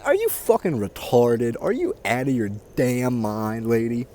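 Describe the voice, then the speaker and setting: A man's voice: mid-range voice, wildly swooping pitch, measured pace, dark tone. A man with a mid-range voice rants to his camera outdoors near water, crude and mocking, swearing in nearly every line. Faint outdoor noise and passing cars sit behind him. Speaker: vlogger. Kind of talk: casual profane rant to camera.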